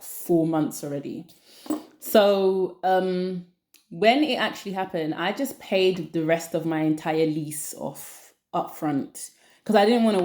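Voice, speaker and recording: A woman's voice: lowish voice, a little mellow. A woman chatting casually to camera as a vlogger, rambling and repeating phrases for emphasis. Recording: roomy echo.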